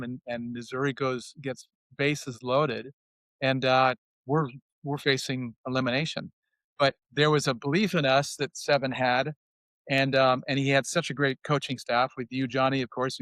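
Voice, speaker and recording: An older man in his sixties reminisces about his playing days in a relaxed, storytelling way. His voice sits at an average pitch and sounds dry and close. He lifts his voice to act out what others said. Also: no room sound. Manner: animated, acts out quotes in a raised voice. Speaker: former player sharing memories. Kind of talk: casual storytelling on a podcast.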